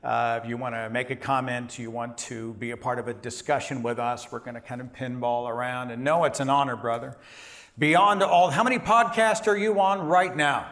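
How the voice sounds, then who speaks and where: A man hosting a live stage show, introducing a guest in a relaxed, chatty way. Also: mid-range voice, normal speed. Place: live stage before an audience.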